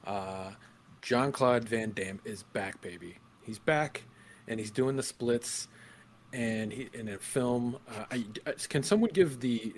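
A man's voice: medium pitch, slow pace, a little hiss or hum. A man co-hosting a live podcast, chatting with enthusiasm and frequent fillers. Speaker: podcast co-host. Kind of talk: casual chat.

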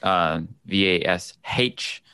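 A man co-hosting a podcast, laid-back and quick to laugh. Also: deep voice, sharp tone, smooth, no room sound, clean studio sound. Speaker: podcast co-host. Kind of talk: casual podcast chat.

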